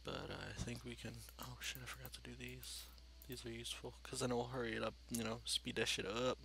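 This man's medium-pitched voice is level, creaky and bright, pushed a little fast with a forceful edge, and a faint hiss or hum sits under it. He hosts a gaming channel, rambling and cursing through let's-play footage while muttering to himself.

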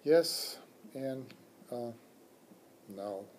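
A man's voice: mid-range voice, lively intonation, drawn-out words, darkish tone, slight background noise. Man reading as a weary substitute teacher. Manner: weary, earnest. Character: discouraged young male substitute teacher. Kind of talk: children's book read-aloud.

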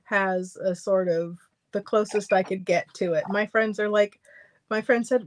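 A woman's voice: mid-range voice, a little slow. A woman hosting a sewing livestream, chatting casually and telling stories with frequent laughter. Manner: chatty, laughs often, storytelling. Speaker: sewing stream host.

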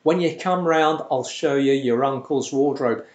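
A man voicing his fussy, exasperated aunt in Spanish-accented English, in a high, strained falsetto. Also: a little slow, darkish tone, highs cut off, lightly acted. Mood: dismissive. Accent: Spanish-accented English, put on. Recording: roomy echo.

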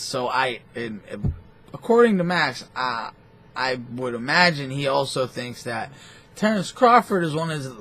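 A man's voice: medium pitch, husky. A man hosting a boxing talk show, ranting in a profane, rambling and scornful way. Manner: foul-mouthed, animated, scornful.

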